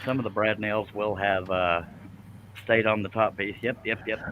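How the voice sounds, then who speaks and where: A man's voice: fairly low pitch, flat delivery, normal speed, narrow, tinny audio, a little hiss or hum. A man hosting a live stream, chatting casually and joking while he works at a scroll saw. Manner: joking, folksy, laughs often. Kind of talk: casual chat while working.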